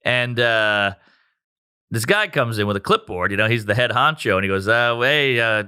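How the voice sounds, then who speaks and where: A man, a stand-up comedian, telling a profane, animated story in casual chat. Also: fairly low pitch, normal speed, clear, resonant tone.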